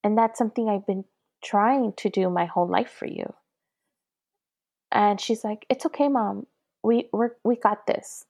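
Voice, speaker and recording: A middle-aged woman talks earnestly in a casual conversation, her voice carrying a gravelly edge. The recording is dry, with almost no room sound. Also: mid-range voice, unhurried, pauses often, a little mellow, no echo. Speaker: guest, mother.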